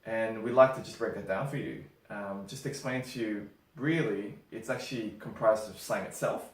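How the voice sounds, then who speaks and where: A man's voice: lowish voice, normal speed. A young Australian man with an Australian accent, co-hosting a casual chat, easygoing and laughing often. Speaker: co-host. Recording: roomy, distant mic.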